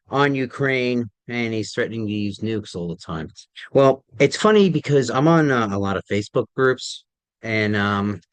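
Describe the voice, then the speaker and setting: A tired man talking casually to camera, halting, with many ums and restarts. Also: on the low side, no echo. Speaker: vlogger.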